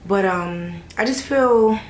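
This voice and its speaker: A woman's voice: mid-range voice, slow pace. A young woman talking casually to camera in a vlog, emotional and hesitant, holding back tears. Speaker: vlogger. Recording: echoey room with faint background noise.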